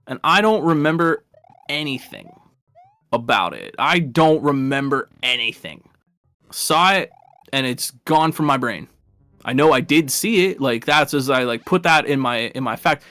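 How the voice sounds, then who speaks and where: A man's voice: on the high side, very animated, normal speed, pushed and bright, no echo. A man casually commentating a live video game race, rambling and chatty, laughing at his own stories.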